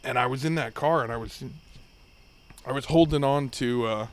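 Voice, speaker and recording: A young adult man hosting a podcast, telling a long, rambling story full of profanity in a relaxed, casual chat. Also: mid-range voice, normal speed. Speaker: podcast host.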